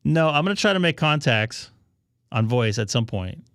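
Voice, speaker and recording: Guy rambling to his viewers on a radio stream, mid pitch, dry sound. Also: very animated, moderate pace, fairly bright tone, clear, resonant tone, no echo. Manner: chatty, troubleshooting aloud while talking to viewers. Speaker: ham radio live streamer. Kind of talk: casual live stream chat.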